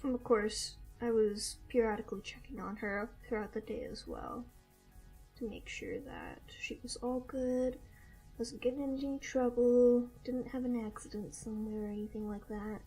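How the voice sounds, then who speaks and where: A woman's voice: on the high side, expressive, moderate pace, warm tone, slightly rough, faint music behind. A woman hosting a casual art livestream, chatting along and firmly telling a kitten no. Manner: chatty, firmly scolding a kitten between remarks. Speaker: livestream host. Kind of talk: casual livestream chat while drawing.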